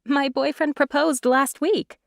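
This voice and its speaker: A woman putting on a bubbly young woman full of cheer, pitched well above the narration and eager. the sound is dry and close, like an audiobook booth. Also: steady tone, measured pace, gravelly, no room sound. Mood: cheerful.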